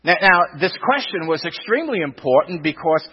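Emphatic preacher with a husky, lively voice. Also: male voice, a little high, brisk. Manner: emphatic, repeats words, rhetorical questions. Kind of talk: sermon. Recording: dull, lo-fi sound with long reverb.

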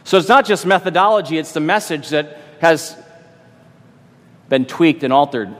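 A man's voice: a little high, expressive, moderate pace, fairly bright tone, big-room sound. A man who is a pastor, preaching an expository sermon with emphatic repetition and rhetorical questions.

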